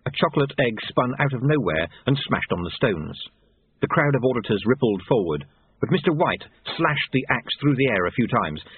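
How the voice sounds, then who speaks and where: A man narrating an audiobook in an expressive, wide-ranging way. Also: medium pitch, moderate pace, slightly rough, dry recording. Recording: tinny lo-fi phone-like audio.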